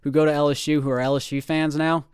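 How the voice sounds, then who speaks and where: Animated, smooth-voiced male podcast co-host. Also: fairly high pitch, fast, no room sound, clean studio sound. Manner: animated storyteller, acts out quotes. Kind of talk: casual sports chat.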